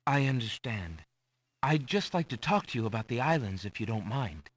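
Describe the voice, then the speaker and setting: An actor voicing a courteous, earnest young prince asking questions in a computer game. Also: male voice, mid-range voice, sing-song, normal speed, no echo. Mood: polite. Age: young adult. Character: polite young male prince, earnest and curious.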